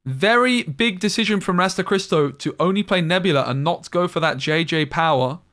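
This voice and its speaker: A male esports caster talks through each play in a brisk, analytical way, with a voice that sits a little above the usual male range. He often breaks off to think aloud before returning to the action. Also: high voice, fairly bright tone. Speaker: tournament caster. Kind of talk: live esports play-by-play commentary.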